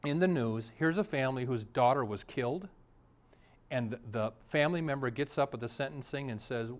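A man's voice: medium pitch, a little fast. Middle-aged guy pastor preaching, tells stories, acts out the people he quotes. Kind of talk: sermon.

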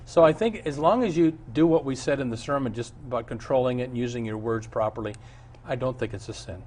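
Male pastor, earnest storyteller, middle-pitched voice, chuckles a lot. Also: fast, darkish tone. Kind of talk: sermon and Bible Q&A.

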